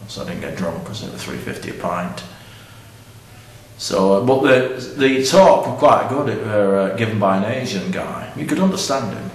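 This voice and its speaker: A middle-aged man rambling bluntly and tactlessly in a deadpan comic monologue. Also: on the low side, moderate pace, distant mic, slight background noise. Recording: echoey room from off-mic.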